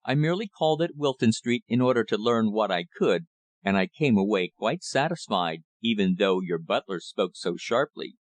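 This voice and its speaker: A calm, thin-faced country rector, as a male reader puts him on, speaking in an unhurried drawl. His voice sits fairly low and sounds close and dry. He answers evenly and keeps something back. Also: no room sound, close to an everyday voice. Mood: calm, guarded. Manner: calm and guarded.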